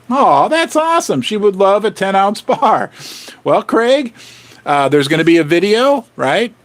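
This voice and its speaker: High-pitched guy rambling on his livestream, chatty and all over the place. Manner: rambling, animated, chatty with viewers. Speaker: livestream host. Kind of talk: casual livestream chat about finance.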